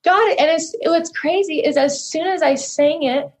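Earnest young woman, slightly high voice. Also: measured pace. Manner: earnest, rambling, heavy use of "like" and "so". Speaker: podcast guest. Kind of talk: personal storytelling in conversation.

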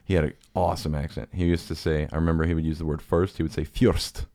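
Podcast host, man, extremely deep voice, casual rambling storyteller, crude and self-deprecating. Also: level tone, rapid-fire, mellow, no echo. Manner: rambling, profane, self-mocking with quoted impressions.

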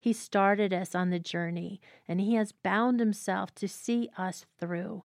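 A woman's voice: mid-range voice, steady tone, creaky, no room sound, studio quality. A woman hosting a devotional teaching, speaking in an earnest, reflective way and reading passages aloud. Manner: earnest, reflective, unhurried phrasing. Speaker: host of a devotional teaching show.

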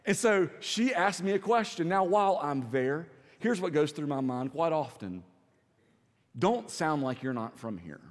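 A man with a Southern accent preaching a sermon, shifting between quiet low passages and loud emphatic ones. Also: animated, measured pace, long reverb tail. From South Carolina. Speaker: pastor. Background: audience laughter.

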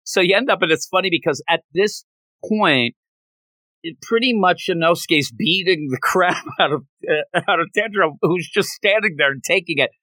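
A man's voice: high-pitched, normal speed, bright, forceful tone, no room sound. A man co-hosting a podcast, recapping a manga chapter in casual chat and acting out the characters' lines. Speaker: podcast co-host.

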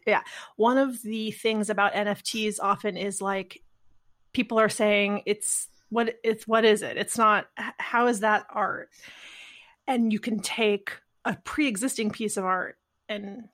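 A woman's voice: mid-range voice, steady tone, measured pace, fairly bright tone. A woman co-hosting a podcast in casual conversation, talking in a rambling, reflective way and often trailing off mid-thought. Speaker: podcast co-host.

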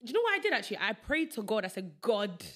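A woman's voice: fairly high pitch, sing-song, racing, fairly bright tone. A young woman hosting a podcast with a London accent, chatting casually and laughing easily as she rambles through stories. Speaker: podcast host. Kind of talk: casual chat.

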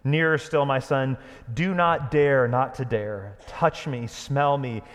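A pastor voicing a majestic, loving male lion who speaks slowly and solemnly in a storybook reading. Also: mid-range voice, big-room sound, natural voice. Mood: commanding. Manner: slow, solemn and commanding.

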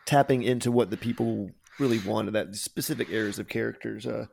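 A man's voice: on the low side, steady tone, a little fast, creaky, a little mellow, slightly rough. A man co-hosting a podcast, chiming in with laid-back comments. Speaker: podcast co-host. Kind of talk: casual podcast chat.

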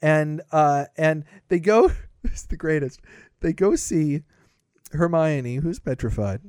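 Fairly high in pitch yet slow, this man's smooth, darkish voice has lively intonation on a dry, clean studio recording. He co-hosts a podcast, rambling and stammering over repeated words in a casual, jokey movie review.

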